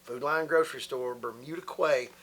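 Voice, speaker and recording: A man's voice: mid-range voice, normal speed, a bit bright, a little hiss or hum. A man, telling a story from his youth in a folksy, casual way. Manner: folksy, drawling, quotes others in his own voice.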